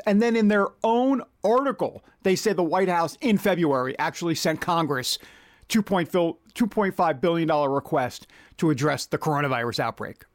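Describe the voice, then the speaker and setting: A man's voice: a little high, no echo, studio quality. A man hosting a political commentary monologue, reading out quotes in an indignant, rhetorical manner.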